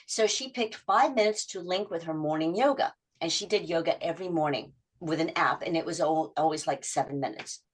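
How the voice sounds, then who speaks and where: A middle-aged woman habit coach in a podcast interview, telling client stories and acting out their quotes in lively voice shifts. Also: sits low, brisk, few pauses, breathy edge.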